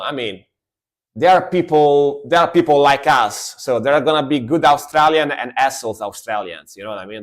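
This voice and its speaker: Male streamer, average pitch, loose rambling commentary. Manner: chatty, rambling, lots of fillers. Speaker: music reaction streamer. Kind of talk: casual live-stream commentary.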